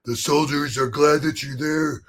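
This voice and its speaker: A man putting on the voice of a wrestling executive, slowly coaxing someone in a soothing, persuasive way. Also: on the high side, fairly even intonation. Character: smooth-talking male wrestling executive, coaxing.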